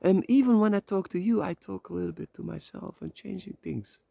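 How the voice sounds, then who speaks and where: A man's voice: sits high, brisk, creaky, warm tone, no echo. A man from the Netherlands, walking outdoors and talking into his phone in a rambling, heartfelt monologue, swearing casually as he goes. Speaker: vlogger. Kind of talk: emotional motivational monologue. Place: outdoors, walking on a slippery path.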